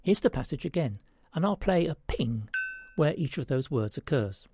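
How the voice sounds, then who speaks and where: A man's voice: a little high, lively intonation, normal speed, background noise. A man hosting a word-puzzle segment, reading a story aloud and explaining, in a playful way.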